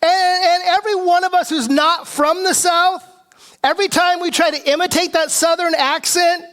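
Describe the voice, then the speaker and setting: A male pastor from the Pacific Northwest preaching a conversational sermon. He often asks "right?" and now and then clears his throat. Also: very high-pitched, fairly even intonation, normal speed, a bit bright. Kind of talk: expository sermon. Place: church sanctuary.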